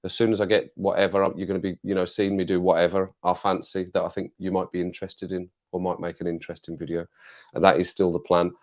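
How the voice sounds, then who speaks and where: A man's voice: deep voice, little pitch movement, quick pace. An English man hosting a casual live stream, chatting to viewers in a rambling way, repeating phrases and laughing often.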